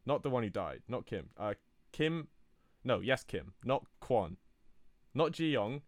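A man telling an improvised comic story in a rambling, deadpan way, correcting himself as he goes. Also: medium pitch, takes it slowly, no room sound. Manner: rambling, deadpan, self-interrupting.

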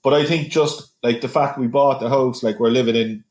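A man's voice: mid-range voice, normal speed. Laid back guy on a podcast, roomy echoey sound. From Ireland. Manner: relaxed, easygoing, says mate often. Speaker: podcast guest. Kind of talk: casual chat. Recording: roomy echo.

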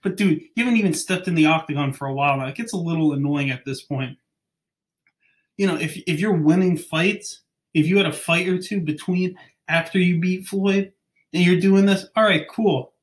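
A young man with a slightly high voice rants casually on his podcast. He rambles, restarts sentences and stumbles over names as he goes. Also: moderate pace. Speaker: podcast host. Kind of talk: casual chat.

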